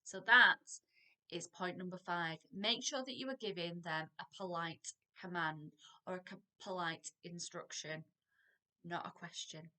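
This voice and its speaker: A woman teaching a parenting lesson, lively and playful, acting out what parents and children say. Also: lowish voice, unhurried. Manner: animated, acts out parent and child lines. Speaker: parenting practitioner.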